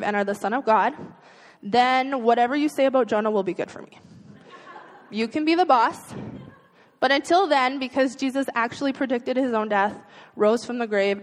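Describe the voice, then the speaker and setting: A woman delivers a sermon in an earnest, conversational tone, leaning on rhetorical questions. Her voice sits a little high. A long reverb trails behind her words, as in a large hall. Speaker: preacher.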